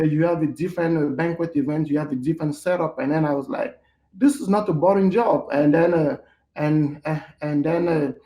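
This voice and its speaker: A man's voice: a little high, a little mellow, echoey room. A middle-aged man from Cameroon, a podcast guest speaking casually, with many hesitant fillers and restarts. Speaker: podcast guest, hotel manager. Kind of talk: casual interview conversation.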